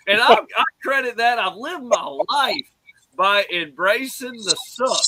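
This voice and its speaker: High, bright-voiced sports host. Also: male voice, a little slow, no echo, low-quality recording. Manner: animated, preachy, keeps calling on co-hosts. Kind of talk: casual sports talk.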